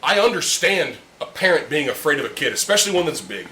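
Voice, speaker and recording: A young man ranting with heavy profanity, his voice bright and higher than most, swinging up and down as he talks. He sits in an echoey room with a faint hum of ambience behind him, chatting over beers with friends. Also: sing-song, fast. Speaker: podcast host. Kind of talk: casual chat. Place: room with friends drinking beer.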